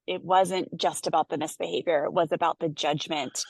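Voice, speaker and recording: A woman's voice: low-pitched, fairly even intonation, normal speed, creaky, husky, no echo. A woman, a mother, hosting a parenting chat and talking in an earnest, encouraging way, often checking in with "right?". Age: adult mother of children. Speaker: host and parenting coach. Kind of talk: casual interview chat.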